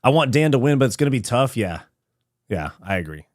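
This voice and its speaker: A man's voice: mid-range voice, very animated, brisk. A man from California speaks as he hosts a live fight watch party. His talk is slangy, loose and full of swearing. The sound is dry and close, with no room echo. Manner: casual, slangy and profane, reads out chat. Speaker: host.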